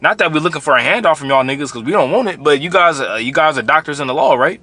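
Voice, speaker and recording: A man preaching straight to the people he is answering. His voice is bright and forceful, and his tone is blunt and confrontational. He repeats phrases often as he drives each point home. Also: fairly high pitch, lively intonation, fast talker, no echo. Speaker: religious commentator. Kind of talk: preaching commentary.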